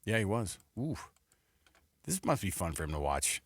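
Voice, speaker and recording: A man's voice: lowish voice, sing-song, normal speed, slightly rough, dry recording. A man hosting a casual sports talk radio show in a studio, joking and playful. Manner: joking, playful, does voices.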